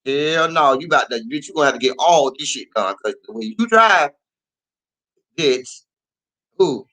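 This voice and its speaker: A man's voice: fairly high pitch, lively intonation, moderate pace, sharp tone. A man putting on the voice of his own old car, which scolds him with a stream of curses. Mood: scolding. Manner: cursing, scolding. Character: sassy foul-mouthed talking car.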